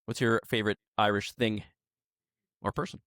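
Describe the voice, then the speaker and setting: Male podcast host, playful and animated, dry close-miked sound. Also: lowish voice, moderate pace, no room sound. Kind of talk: casual wrestling podcast chat.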